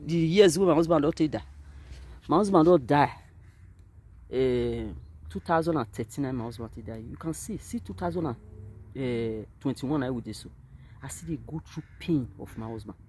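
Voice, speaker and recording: A Nigerian woman with a Nigerian Pidgin English accent, talking to her camera at a cemetery, moving between quiet grief and loud, animated outbursts. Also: low voice, slight background noise. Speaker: vlogger. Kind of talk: emotional direct-to-camera monologue. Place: outdoors at a cemetery.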